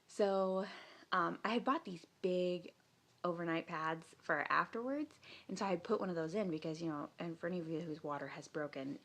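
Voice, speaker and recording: A woman's voice: lowish voice, normal speed, a bit bright. A young woman in her twenties, chatty and full of fillers, telling a personal story in a casual vlog. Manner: chatty, lots of fillers and laughs. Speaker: vlogger.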